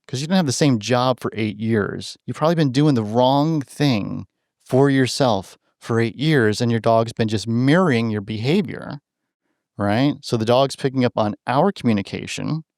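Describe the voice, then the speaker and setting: A man's voice: mid-range voice, moderate pace, no room sound. Chatty man telling stories, dry sound. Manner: animated, acts out quoted voices, keeps adding "right?"; restarts and repeats words while thinking aloud. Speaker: podcast guest, animal communicator. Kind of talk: casual storytelling in conversation.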